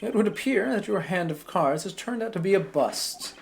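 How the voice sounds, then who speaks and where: A woman voicing a haughty male suspect from a game, slow and condescending. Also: medium pitch, lively intonation, creaky, faint music behind. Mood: smug.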